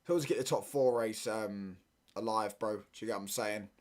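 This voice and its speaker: A man's voice: fairly low pitch, a little fast, a little mellow. Slangy, ranting man on a stream. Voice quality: heavy slang, repeats himself, ranting. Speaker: watchalong streamer. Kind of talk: live football watchalong chat.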